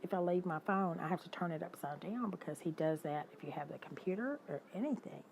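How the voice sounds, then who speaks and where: An older woman chatting casually with her livestream viewers, animated, greeting them by name and laughing often. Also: fairly low pitch, fast, gravelly, a little hiss or hum, rough recording. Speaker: livestream host. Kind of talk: casual chat with live viewers.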